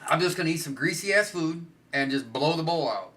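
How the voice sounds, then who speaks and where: A man's voice: a little high, fairly quick, crowd noise. A middle-aged man hosting a podcast, telling a crude story in casual chat and acting out the people in it. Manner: crude, animated storyteller who acts out quotes. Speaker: podcast host.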